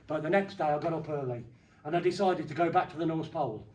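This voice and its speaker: A middle-aged man performing a comedy magic act, bantering playfully with the crowd and breaking into sudden loud bursts. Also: a little high, quick pace.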